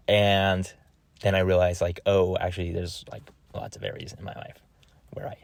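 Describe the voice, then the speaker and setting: Young man, deep voice, dry close sound, rambling slangy casual chat, laughs a lot. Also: gravelly, no room sound. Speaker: vlogger.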